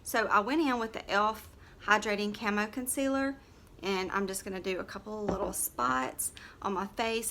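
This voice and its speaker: A woman's voice: mid-range voice, fairly bright tone, slight background noise. A woman, chatting in a rambling, blunt way while doing her makeup on camera. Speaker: makeup vlogger and nurse. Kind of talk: casual makeup tutorial chat.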